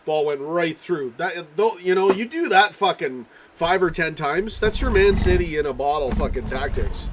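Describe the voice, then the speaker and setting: A man hosting a loose, rambling live football chat, speaking in a slightly raised pitch. He swears freely and reads out viewers' comments, and his voice is broken up by coughing and throat-clearing. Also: lively intonation, normal speed, few pauses, slight background noise. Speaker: livestream host.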